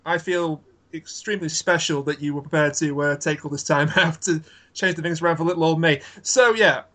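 A man's voice: a little high, a little fast, pushed and bright. A British man with a British accent, a podcast guest with a dry, polite sense of humor. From Britain. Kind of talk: casual podcast banter.

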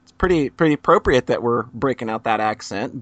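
A man's voice: mid-range voice, expressive, brisk, no echo. A man hosting a podcast in a casual, teasing, joking way. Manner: joking, teasing, frequent laughs. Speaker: podcast host.

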